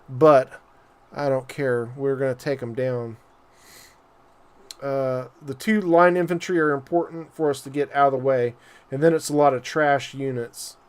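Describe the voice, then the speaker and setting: Live-streaming a strategy game, this male streamer jokes around in a medium-pitched, clean voice. He scatters fillers throughout and keeps turning aside to address his viewers.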